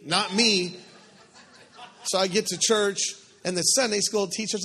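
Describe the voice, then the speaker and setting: A man preaching a sermon in a conversational, joking, animated way, talking to the congregation with asides and humor. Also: sits high, normal speed. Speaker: pastor.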